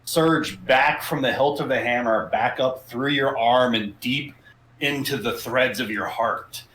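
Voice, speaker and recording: A man's voice: mid-range voice, a little slow, a bit bright, echoey room, slight background noise, rough recording. A man narrating a tabletop game as game master, describing the action dramatically.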